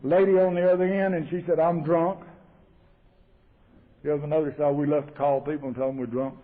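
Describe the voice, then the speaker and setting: A man's voice: fairly high pitch, little pitch movement, brisk. Folksy Southern man on an old tape. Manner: folksy, emotional, acts out dialogue in his story. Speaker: AA speaker. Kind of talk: recovery talk with storytelling. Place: meeting hall. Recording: tinny 1980s cassette tape.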